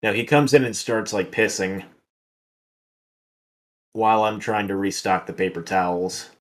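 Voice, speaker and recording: A man's voice: on the low side, steady tone, a little slow. A man co-hosting a podcast, telling a story in laid-back casual chat, full of fillers. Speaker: podcast co-host.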